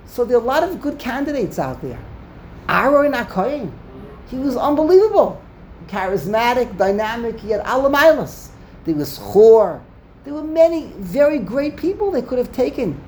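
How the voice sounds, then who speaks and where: A man's voice: very high-pitched, big pitch swings, moderate pace, a little mellow, a little hiss or hum. A man leading a Talmud study discussion, asking rhetorical questions and mixing in Hebrew terms. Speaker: Torah study teacher.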